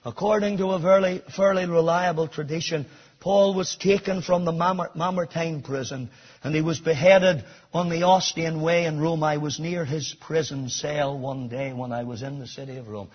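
Husky high-voiced male preacher, dynamic sermon delivery, dull lo-fi recording. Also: fairly even intonation, normal speed. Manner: swings from low quiet stretches to loud shouted emphasis.

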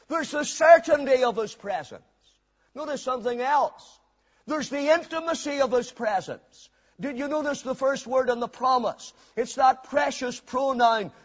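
A high, husky male voice preaches with fervour, dropping to a hush and then rising to a shout on repeated phrases. The recording is dull and lo-fi. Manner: fervent, swings from hushed to shouted emphasis; repeats phrases for emphasis, old-fashioned scripture wording. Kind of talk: sermon.

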